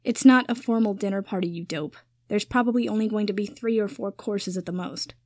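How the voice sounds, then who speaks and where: A woman reading a story aloud, voicing an aloof young man with a dry, measured delivery. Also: medium pitch, darkish tone, no echo, close to an everyday voice.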